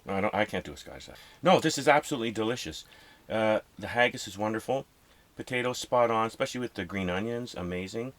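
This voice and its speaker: A man's voice: fairly low pitch, expressive, fast, fairly bright tone, no echo. A man chatting playfully and upbeat with a friend at camp. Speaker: camping companion. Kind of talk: casual chat.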